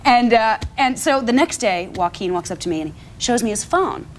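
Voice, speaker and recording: A woman guest on a talk show telling an animated, self-mocking anecdote. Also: fairly high pitch, normal speed, slight background noise. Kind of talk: casual anecdote.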